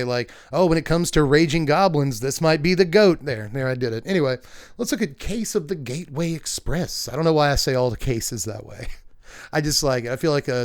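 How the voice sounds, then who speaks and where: A young man hosting a casual card review, talking in a chatty, rambling way full of fillers and asides. He laughs often as he goes, and his voice sits a little on the high side. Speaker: card game video host.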